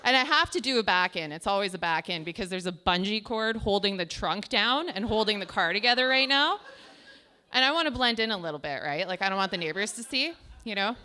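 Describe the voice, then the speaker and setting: A woman's voice: medium pitch, expressive, brisk, sharp tone. A young adult woman telling self-deprecating stand-up stories in a chatty way, full of "like". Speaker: stand-up comedian. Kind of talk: stand-up comedy storytelling. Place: small comedy show stage.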